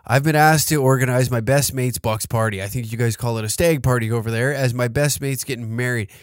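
A man's voice: medium pitch, steady tone, brisk, no room sound, studio quality, close to an everyday voice. A man reading a fan letter aloud as an Australian mine truck driver, in a weak put-on Australian accent.

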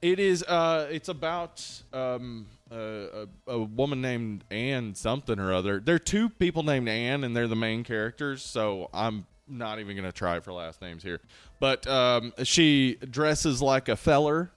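A laid-back man co-hosting a podcast, chatting casually, with loose swearing and frequent restarts. He talks at an average pitch. The room around him is dry and close. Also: normal speed, clear, resonant tone, dry recording, faint music behind. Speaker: podcast co-host. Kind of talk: casual chat.

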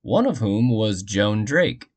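Man, low voice, casual storytelling, jokey, rambling asides. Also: big pitch swings, slow pace. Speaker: history storytelling podcast host.

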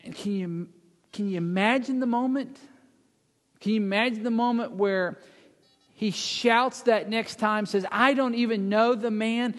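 A man delivers a sermon with a fairly high voice, retelling scripture as drama. He acts out the speakers in the story and sinks to a hush when he wants to stress a point. His voice rings with the long reverb of a large hall. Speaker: preacher.

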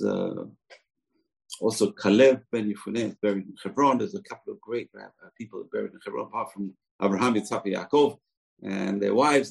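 A man's voice: fairly low pitch, creaky, slightly rough, rough recording. A man teaching a scripture lesson in a chatty, digressive way, with side comments. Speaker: Torah teacher.

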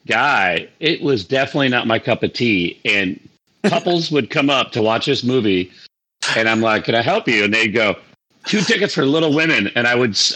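Man, husky voice, casual podcast chat, animated storytelling. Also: mid-range voice, rough recording. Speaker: podcast co-host.

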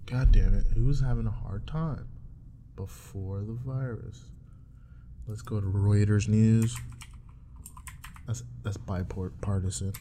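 A man's voice: lowish voice, steady tone, takes it slowly, pauses often, warm tone, slight background noise. A young man chatting casually on his own while browsing, rambling with profane, joking asides. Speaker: streamer. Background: keyboard typing and clicks.

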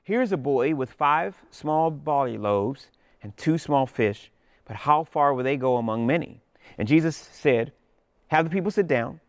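A male pastor with a smooth, resonant voice, pitched a bit higher than most men. He preaches in a lively storytelling manner, and his voice sounds close and dry. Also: a little slow, dry recording. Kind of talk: sermon.

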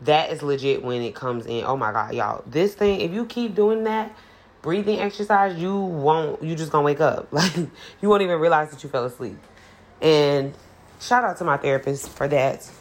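A woman's voice: deep voice, animated, moderate pace. A woman hosting a podcast in casual solo chat, chatty and playful, laughing often and swearing freely. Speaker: podcast host.

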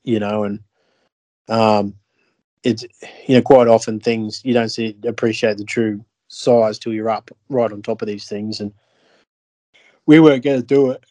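A man's voice: lowish voice, flat delivery, a little slow, dark tone, dry recording. A man on a podcast, telling a fishing story in a rambling way, with lots of fillers and restarts. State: tired, yawning. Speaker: podcast co-host. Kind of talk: casual chat.

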